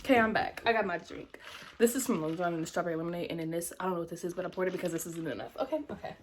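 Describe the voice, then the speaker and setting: A young woman telling a storytime vlog in a chatty, slangy way, with sudden dramatic jumps in pitch. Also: fairly even intonation, very fast, a little hiss or hum. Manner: slangy casual speech. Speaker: vlogger.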